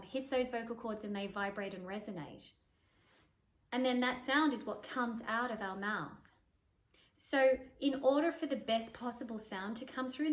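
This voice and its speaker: A woman voice coach with a fairly high voice teaches to camera. She demonstrates exercises by moving her voice up and down in pitch and volume. The sound carries a roomy echo. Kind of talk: instructional talk to camera.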